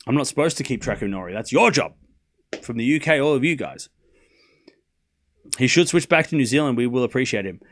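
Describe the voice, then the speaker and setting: Aussie guy ranting at his chat on a tennis stream, teasing, mid pitch, all over the place. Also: fairly quick, pauses often. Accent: Australian. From Australia. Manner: animated, mocking, talks straight to chat. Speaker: livestream tennis host. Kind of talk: casual ranting chat to viewers.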